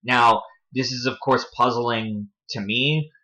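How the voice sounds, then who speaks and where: A man's voice: mid-range voice, steady tone, slow pace, bright, forceful tone. A man hosting a casual commentary video, rambling and correcting himself as he stumbles over names while reading from web pages. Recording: dull lo-fi home recording.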